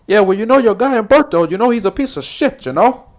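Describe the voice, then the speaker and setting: A man doing a shrill brash drug lord. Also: expressive. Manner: shrill, exaggerated, fast film impression. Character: brash excitable male drug lord, loud, high-strung.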